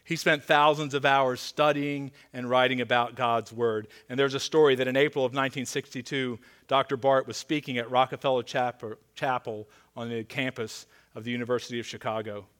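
A man preaching a sermon as pastor, earnest and pleading, dropping to a hushed voice for emphasis. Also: mid-range voice, steady tone, brisk, few pauses, clear, resonant tone.

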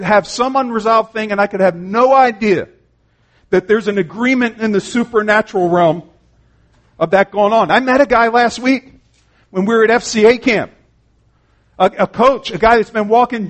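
A man's voice: high voice, a bit bright. A man preaching an earnest, conversational sermon, retelling conversations and often saying "man". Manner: frequent "man" and restarts.

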